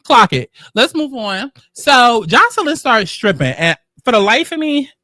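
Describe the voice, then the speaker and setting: A man hosting casual reality-show commentary, telling the story in a sassy, profane, animated way. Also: extremely high pitch, measured pace, no echo, clean studio sound. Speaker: commentary host.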